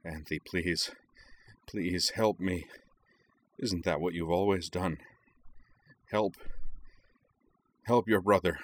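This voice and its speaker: A hateful false prince sneers at his rival and later pleads in a weak, broken way, as a man reads him aloud. His voice sits very low. It carries the bitter edge of a storybook villain. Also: fairly even intonation, slow pace, long pauses. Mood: pleading. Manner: snarling then pleading weakly.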